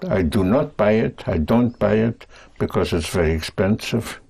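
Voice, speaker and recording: A man teaching a language lesson, speaking patiently and deliberately in short phrases. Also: on the low side, animated, vocal fry, darkish tone, husky.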